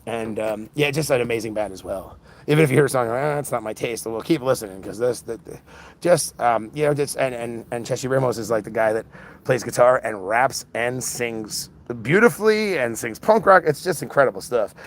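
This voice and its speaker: Tired fast-talking man on a livestream. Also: mid-range voice, slight background noise. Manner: rambling, restarts, tired. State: exhausted. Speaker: livestream host. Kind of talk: casual livestream talk. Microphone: phone.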